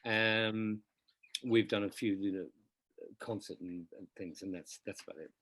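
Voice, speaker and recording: A middle-aged singer in a casual interview, telling chatty, animated anecdotes about his career. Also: on the low side, a little slow, no echo. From Australia. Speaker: interview guest, musical theatre singer.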